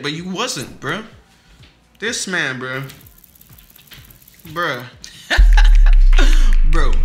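A young man with a high, pushed, bright voice gives casual but heated commentary over his own basketball video game match, swearing and trash-talking both his teammates and opponents.

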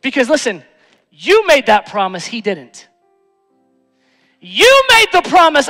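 A male pastor preaching a sermon, moving between hushed, tender lines and loud, emphatic ones. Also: extremely high pitch, huge pitch swings, measured pace, pauses often, in a large hall, faint music behind. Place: church sanctuary.

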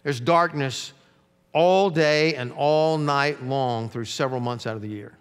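A middle-aged male pastor preaching a sermon, with emphatic rises and quiet, dropped phrase endings. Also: mid-range voice, unhurried, clear, resonant tone. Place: church sanctuary. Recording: long reverb of a church sanctuary.

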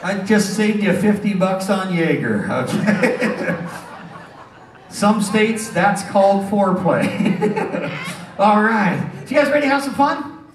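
A man working as a stage hypnotist, bantering loudly and crudely with volunteers and the audience. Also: high voice, lively intonation, slow pace, long pauses, far from the mic, a little hiss or hum. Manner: brash, teasing, loud crowd banter. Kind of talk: live stage comedy show. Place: casino showroom stage. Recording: roomy hall recorded from afar, audience. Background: audience laughing.

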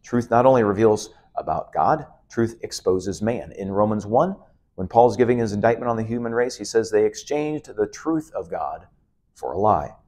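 A man's voice: on the low side, expressive, normal speed, warm tone. A middle-aged man teaching a Bible lesson as a pastor, preaching emphatically with repeated, building phrases and the odd "uh". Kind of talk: expository sermon.

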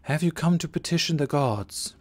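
A man's voice: on the high side, expressive, normal speed, pitched above the performer's own voice. A man reading as a distant young priestess. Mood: polite, distant. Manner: polite and distant. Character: young aloof female temple priestess.

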